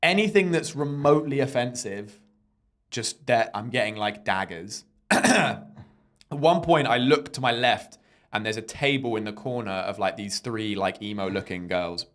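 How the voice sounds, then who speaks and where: A young man and podcast host, telling a stand-up story in a casual, animated way and acting out the people in it. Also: on the low side, normal speed. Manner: animated storyteller who mimics people in quotes.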